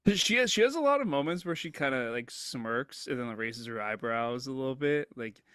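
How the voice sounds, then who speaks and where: A man's voice: mid-range voice, lively intonation, brisk, a bit bright, smooth, no room sound, clean studio sound. A man co-hosting a casual movie podcast, enthusiastic and casual, laughing along. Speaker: podcast co-host.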